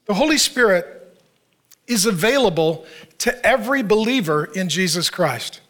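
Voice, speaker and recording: A man delivers a sermon in a church, loose and conversational rather than formal. His voice sits high and carries a bright edge. He keeps the congregation involved with questions and dry humor. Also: expressive, moderate pace. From Arizona, United States. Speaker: pastor.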